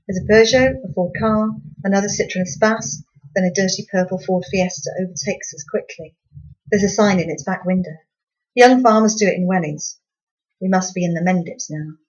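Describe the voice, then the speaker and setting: A woman's voice: on the low side, dull audio. A woman reading her own novel aloud in first-person storybook narration, with a dry, wry tone.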